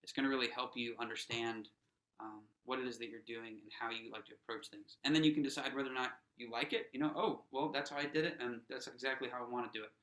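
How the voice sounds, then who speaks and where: Bright-voiced man teaching snare drum. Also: medium pitch, fairly even intonation, quick pace, reverberant, rough recording. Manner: casual, encouraging, many fillers and restarts; counts players in aloud. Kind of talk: teaching a workshop lesson.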